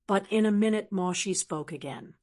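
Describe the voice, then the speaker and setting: A text-to-speech woman's voice narrating a classic novel as an audiobook, in an even, measured way. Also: medium pitch. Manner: even, measured synthetic delivery. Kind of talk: scripted narration.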